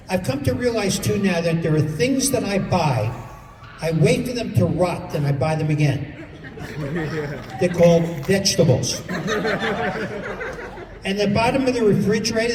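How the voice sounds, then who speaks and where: A man from New York doing a stand-up comedy set on stage, exasperated and acting out people in quick bits. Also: sits high. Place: stage in a large hall with a live audience. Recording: distant, echoey hall with crowd laughter.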